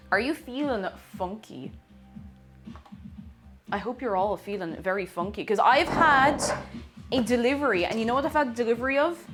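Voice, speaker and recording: A playful woman with a lilt chats away on a live stream, calling out viewers by name and teasing them. Her voice sits a little on the high side, recorded in a home kitchen with faint music running underneath. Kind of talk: casual live-stream chat.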